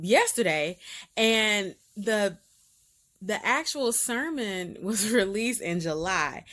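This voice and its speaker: An excitable woman talks straight to her viewers in a casual update, with a voice that sits a little low for a woman. She repeats words for emphasis, laughs easily, and gets emotional enough to sound close to tears. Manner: bubbly and emphatic, with frequent laughs and repeated phrases. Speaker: host of a faith-based video series. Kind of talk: casual direct-to-camera update.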